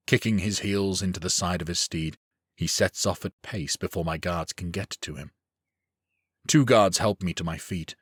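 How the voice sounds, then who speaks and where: A man reading a first-person fantasy audiobook in a measured, steady storytelling manner. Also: sits low, slightly rough, no echo, studio quality. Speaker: audiobook narrator.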